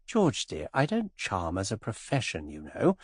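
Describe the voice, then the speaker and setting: Brief: man voicing teasing, airy young English lady, soft and husky. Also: fairly low pitch, huge pitch swings, normal speed, no echo, heavily acted. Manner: airy, teasing, softly amused. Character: breezy, witty young English society woman.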